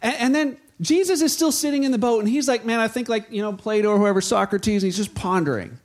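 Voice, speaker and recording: High-voiced, lively, conversational man preaching. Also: fast. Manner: conversational and animated, acts out Bible scenes in quoted voices; frequent restarts and fillers, light humor. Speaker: pastor. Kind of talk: sermon.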